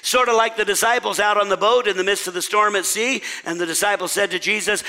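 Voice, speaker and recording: A male pastor preaching an animated, dramatic sermon and quizzing his congregation. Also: high voice, quick pace, hardly any pauses.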